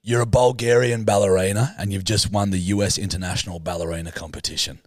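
A man's voice: on the low side, steady tone, fast talker, no room sound, clean studio sound. A young man co-hosting a casual comedy podcast, teasing playfully and laughing at his own jokes. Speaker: co-host.

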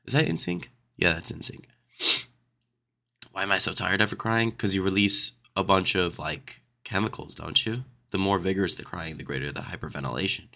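A man's voice: deep voice, big pitch swings, normal speed, gravelly, pushed and bright. A young man hosting a casual solo podcast, reading questions aloud and riffing on them with sarcastic asides. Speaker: podcast host.

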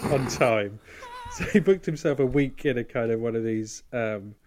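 A man's voice: medium pitch, measured pace, background noise. A man co-hosting a podcast, telling rambling, sweary anecdotes in casual chat. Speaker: podcast co-host.

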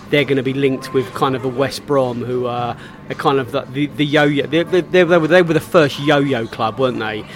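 Casting: London man, football pundit friend, halting chatty delivery, faint music behind. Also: medium pitch. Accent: London English. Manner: hesitant, repeats and restarts. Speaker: podcast panelist. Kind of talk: casual pub chat about football.

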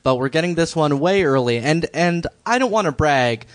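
A man's voice: a little high, lively intonation, moderate pace. A man co-hosting a podcast in a casual chat, dry and wry, easygoing as he recaps a TV episode. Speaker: podcast co-host and editor.

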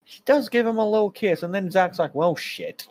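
A man's voice: high-pitched, brisk, darkish tone. A young man co-hosting a casual comedy podcast, making wry, swearing jokes as he recaps a show. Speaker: podcast co-host.

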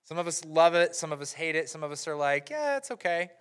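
A man in his thirties giving a playful, animated Christmas sermon to a church audience. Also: fairly high pitch, fast talker, clear, resonant tone. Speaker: pastor. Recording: live hall reverb.

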